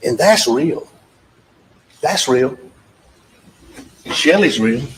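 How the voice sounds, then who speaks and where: A man's voice: medium pitch, expressive, extremely slow. Man, trial attorney, closing argument, emphatic, repetitive, roomy courtroom echo. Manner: emphatic and repetitive, addressing the jury directly. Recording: echoey courtroom audio with faint background noise.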